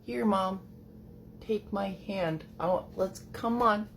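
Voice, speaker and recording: A man's voice: sits high, slow pace, vocal fry, fairly bright tone, a little hiss or hum, pitched above the performer's own voice, exaggerated voice. A man doing an anxious little boy. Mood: worried. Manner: pleading, clingy.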